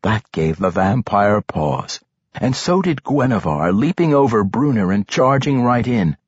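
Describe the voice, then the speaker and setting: Male fantasy narrator, husky and animated, dry, slightly dull recording. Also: on the low side, a little slow, no echo. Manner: expressive, animated delivery. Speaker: audiobook narrator. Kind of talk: dramatic fantasy audiobook narration.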